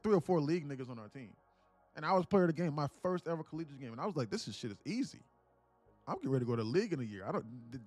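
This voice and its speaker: A young man in his late twenties spins a loose, profane story for his stream chat, full of slang and asides. His voice sits a little high for a man, and the sound is close and dry. Soft music plays quietly underneath. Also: dry recording. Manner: profane, slangy, animated retelling. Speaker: live-streaming day trader. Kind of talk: casual storytelling to a live chat.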